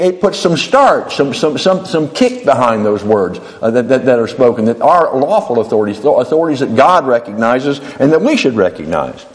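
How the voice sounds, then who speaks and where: Halting preacher man in an echoing hall. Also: medium pitch. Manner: halting, repeats words often. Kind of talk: sermon.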